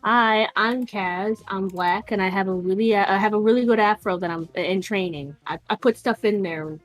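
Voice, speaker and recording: Chatty female guest, middle pitch, talks in a rush, faint music. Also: moderate pace. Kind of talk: casual stream chat.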